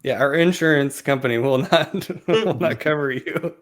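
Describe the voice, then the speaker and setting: Male co-host, laid-back, dry and low-key. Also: normal speed. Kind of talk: casual chat.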